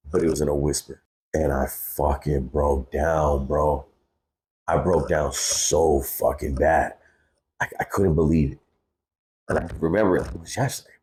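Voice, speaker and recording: A man's voice: extremely low pitch, moderate pace, a little mellow. A man in his thirties, a guest on a podcast, telling a personal story candidly, cursing freely and calling people bro. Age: 30s. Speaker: guest, hip-hop artist.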